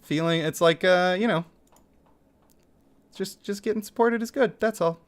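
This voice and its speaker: A man's voice: high voice, moderate pace. A young man streaming a mobile game, chatting casually with his viewers, reading donations aloud and laughing often. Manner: animated, laughs often, reads chat aloud. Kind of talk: casual gaming livestream chat.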